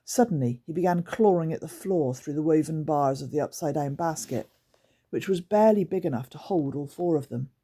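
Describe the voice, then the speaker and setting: Woman narrator for a children's audiobook, low, husky, storytelling delivery. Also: brisk. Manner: storytelling, expressive reading. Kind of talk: reading a children's book aloud.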